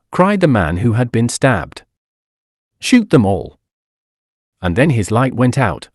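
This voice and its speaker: A man giving an expressive, dramatic audiobook narration on a close studio mic. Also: medium pitch, dry recording.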